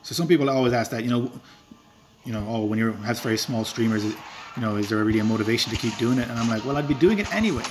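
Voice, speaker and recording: This game streamer, a rural Irishman from Ireland, chats casually during a live stream while he plays. He talks at a quick pace in a medium-pitched voice, rambling and self-deprecating, with filler words and chuckles, over slight background noise.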